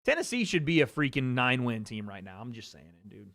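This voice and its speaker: A young man hosting a live watch-party stream, chatting casually and excitably, swearing freely as he reacts. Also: mid-range voice, fast, gravelly, dry recording, clean studio sound. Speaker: livestream host.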